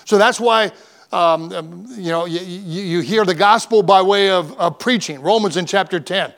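A man's voice: sits high, moderate pace, fairly bright tone. A male pastor preaching a fervent sermon, repeating words and lists for emphasis and reading scripture aloud. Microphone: church microphone, broadcast on radio.

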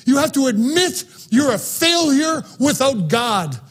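A man preaching a sermon in an auditorium, fervent and emphatic, swinging between soft and loud passages. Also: very high voice, sing-song, measured pace. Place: auditorium, live-streamed.

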